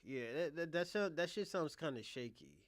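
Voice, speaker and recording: A man in casual, profane chat, teasing a friend with excitable, playful banter. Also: fairly high pitch, normal speed, no echo.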